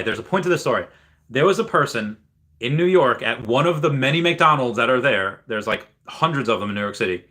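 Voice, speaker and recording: A man's voice: medium pitch, sharp tone. A young man hosting a casual livestream, rambling with many fillers and restarts while reading viewer chat aloud. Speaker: livestream host.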